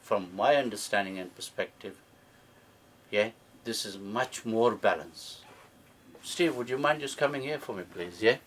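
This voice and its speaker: At a book launch, a man with a fairly low, slightly bright voice gives an interactive teaching talk to a live audience, quizzing them and often checking in with "yeah?" He speaks a bit slowly, with slight background noise.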